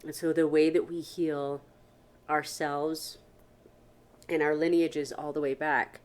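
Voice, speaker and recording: Woman podcast host with a slightly low voice, earnest and blunt, working through big questions in a solo monologue. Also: flat delivery, slow, darkish tone. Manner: earnest, questioning, speaks frankly with casual swearing.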